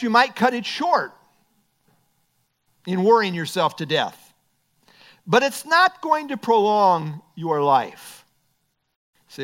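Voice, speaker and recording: A man preaching a sermon, quoting scripture and dropping into quiet, joking asides. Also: sits high. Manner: expressive, swings between emphatic and quiet asides; quotes scripture, light humor. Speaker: pastor.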